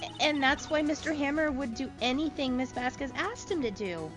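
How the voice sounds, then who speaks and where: A woman reading game dialogue aloud during a charity gameplay stream, dramatic and expressive. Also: sits high, moderate pace, over music. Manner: dramatic, expressive line reading with sudden outbursts.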